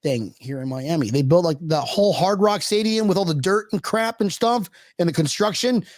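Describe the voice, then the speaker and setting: A man with a high, light voice chats casually as a show's co-host, animated and quick to laugh, often breaking off and restarting mid-sentence. The sound is dry and close to the mic, with no room around it. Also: no echo. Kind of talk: casual chat.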